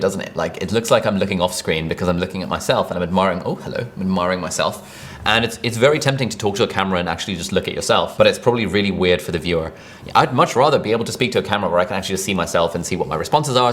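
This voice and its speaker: Fast-talking deep-voiced man teaching. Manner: fast, energetic, conversational delivery. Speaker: online video coach. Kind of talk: direct-to-camera tutorial. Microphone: camera with videographer.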